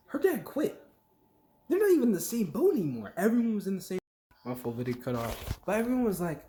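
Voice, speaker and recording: Lively rambling vlogger, full of "like". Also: mid-range voice, a little hiss or hum. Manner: filler-heavy, lots of "like", jumps between thoughts; acts out quick quoted voices mid-story. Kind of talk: casual rambling rant to camera.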